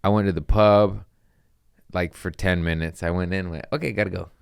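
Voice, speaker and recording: Deep-voiced young guy on a podcast, swears a lot, rambles, says bro, dry close sound. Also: steady tone, moderate pace, creaky, clear, resonant tone, no echo. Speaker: comedian and podcast host. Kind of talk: casual podcast storytelling.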